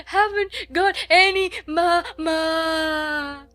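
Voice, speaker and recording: A woman's voice: very high-pitched, fairly even intonation, very slow, pushed and bright, voice pushed up, full character voice. A woman voicing a spoiled little girl who howls and sobs for her mother. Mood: wailing. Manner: howling, sobbing.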